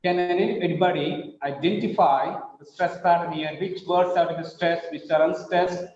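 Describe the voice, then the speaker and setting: A man with an Indian English accent teaching an online English class, drilling words slowly and with emphasis. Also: high-pitched, steady tone, a little mellow. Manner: slow, emphatic word-by-word drilling. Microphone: video call. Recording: roomy, dull online class audio.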